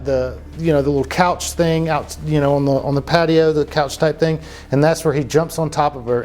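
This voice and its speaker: A man's voice: mid-range voice, darkish tone. A man hosting a comedic true-crime podcast, telling the story in a loose, profane way full of fillers and asides. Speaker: podcast host.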